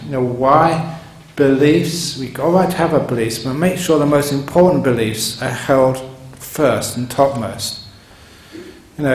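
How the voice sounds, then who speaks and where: With a mid-range, darkish voice, a monk delivers a Dharma talk in a digressive, chuckling storytelling style. The recording has the roomy sound of a meditation hall and a faint hum.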